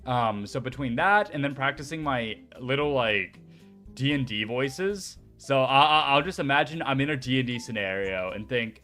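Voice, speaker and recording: A young man chatting casually as a streamer, excitable and swearing freely. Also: mid-range voice, moderate pace, faint music behind. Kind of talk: casual chat.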